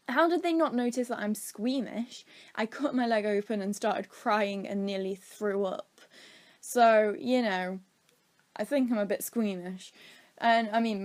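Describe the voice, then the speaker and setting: A woman's voice: mid-range voice, darkish tone. British girl rambling thru a story time, chatty, acts out the quotes. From Britain. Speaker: vlogger.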